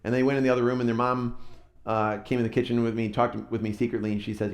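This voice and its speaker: A man's voice: mid-range voice, flat delivery, rapid-fire. A man telling a story in a roomy church. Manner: conversational, self-deprecating. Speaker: pastor. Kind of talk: sermon storytelling. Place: church hall. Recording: roomy echo.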